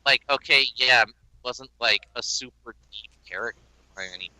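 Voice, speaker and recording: On a casual podcast, a man goes on a profane, sarcastic tirade about a cartoon reboot, clearly exasperated. His voice is medium-pitched and sharp at a normal speed, captured in a dry, low-quality recording.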